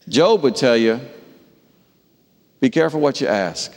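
A man preaching a sermon, telling the story with animated delivery and acting out the characters' voices. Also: medium pitch, measured pace, in a large hall. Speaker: pastor.

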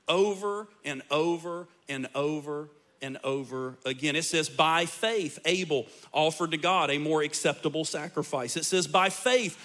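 A man preaching to his congregation as their pastor. His voice sits high and rings bright, and he builds each point with rising intensity. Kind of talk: sermon.

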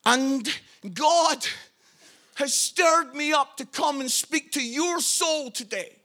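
A man preaching a passionate sermon as pastor, building to shouted appeals. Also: extremely high pitch, takes it slowly.

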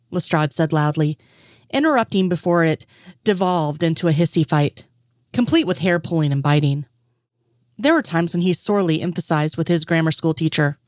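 A woman reading a fan story aloud as scripted narration, voicing every character herself with only small pitch lifts. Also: lively intonation, moderate pace, no echo, studio quality. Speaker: fanfiction reader.

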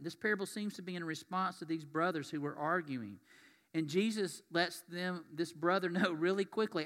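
A man delivering a sermon in a church, talking in a folksy, conversational way. His voice sits fairly high and bright. The sanctuary gives it a long, ringing reverb. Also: fairly quick. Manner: folksy, conversational, reads scripture aloud. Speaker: pastor.

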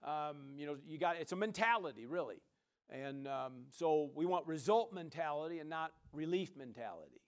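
A man's voice: fairly high pitch, animated, moderate pace, clean tone. A male pastor preaching a sermon in a casual, conversational way, dropping frequent amens and praise Gods between his points. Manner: casual, conversational delivery with many fillers.

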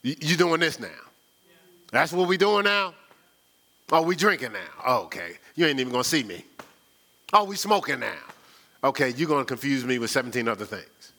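Sermon bit: man playing purpose as a person, low and unimpressed, dry sarcasm. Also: very animated, normal speed, pushed and bright. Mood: sarcastic. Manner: sarcastic, dismissive.

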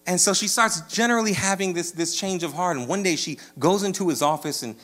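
A man preaching a sermon, conversational and checking in with "right?", rising to animated storytelling. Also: sits high, a little fast. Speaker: pastor.

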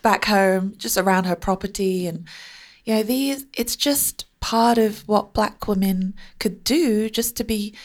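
A woman with a mid-pitched voice hosts a podcast. She talks in a thoughtful, conversational way, sometimes dropping softly into a near-whisper. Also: a little slow. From grew up in a village with black families, grandma from abroad. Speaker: podcast host. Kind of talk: casual conversational interview.

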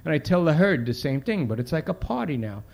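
A man's voice: fairly high pitch, sing-song, a little fast, vocal fry, a little mellow, full character voice. Brief: brash city cop, profane, talks in street slang; a male author reads him. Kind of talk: reading aloud from a novel.

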